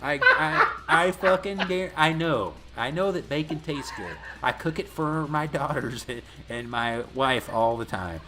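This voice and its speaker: Animated man telling a story. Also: medium pitch, unhurried, hardly any pauses, heavy background noise. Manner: animated storytelling, swearing, laughing often. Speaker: podcast co-host. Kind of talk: casual chat recapping a movie.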